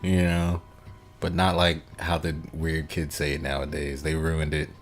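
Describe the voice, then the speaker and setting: A man's voice: extremely low pitch, flat delivery, normal speed, faint music behind. A man livestreaming a game, chatting casually with viewers, laid-back and rambling, often chuckling. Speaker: gaming livestreamer. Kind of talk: casual chat reading out viewer comments.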